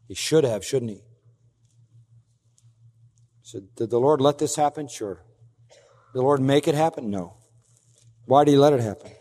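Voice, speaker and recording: A man's voice: mid-range voice, dark tone, big-room sound. A man preaching an expository sermon as pastor, emphatic, acting out quoted lines in a raised voice.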